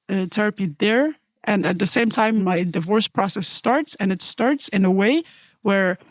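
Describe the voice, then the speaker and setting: A woman's voice: mid-range voice, no echo. Earnest woman telling her story. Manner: earnest and heartfelt, retelling with quoted dialogue. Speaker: storyteller guest. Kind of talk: personal testimony.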